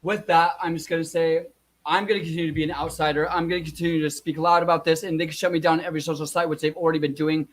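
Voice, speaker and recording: Young man ranting furiously, high-voiced and profane. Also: little pitch movement, racing. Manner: furious, profane, shouting and repeating himself. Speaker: vlogger. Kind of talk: angry rant to camera.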